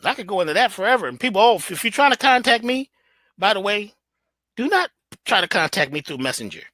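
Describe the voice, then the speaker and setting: Delivering an emphatic, preachy motivational talk, this guest speaker talks fast and swings his pitch all over the place. The recording of his bright, forward voice is close and dry, with no room sound.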